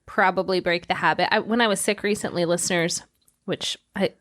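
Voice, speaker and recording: A woman in her forties co-hosting a podcast in casual chat, animated and giggly, often speaking to listeners. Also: on the low side, fairly quick. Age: 40s. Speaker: podcast co-host.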